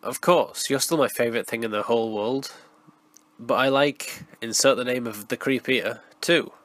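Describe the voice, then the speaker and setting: A hoarse man with a cold voicing a doting mother who soothes her child. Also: mid-range voice, moderate pace, fairly bright tone, dry recording, natural voice. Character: loving single mother, gently reassuring.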